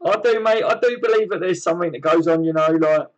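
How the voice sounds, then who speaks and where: A fairly high-voiced man, casually chatting on his live stream. He reads out viewers' comments and answers them in an easygoing, slang-filled way. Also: fast, dull audio. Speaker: host of a fan live stream.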